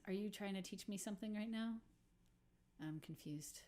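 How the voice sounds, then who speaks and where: A woman's voice: mid-range voice, normal speed, a little mellow. A woman musician hosting a casual livestream, chatting with viewers in a self-deprecating way and laughing often. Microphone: computer or phone mic on a livestream.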